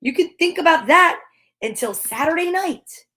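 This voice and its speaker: A woman with a high, bright voice gives a comic read-aloud of a rhyming picture book. She reads in a sing-song lilt and keeps dropping into hushed, nervous side remarks between the verses. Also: animated, moderate pace. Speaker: comedian reading a children's book aloud.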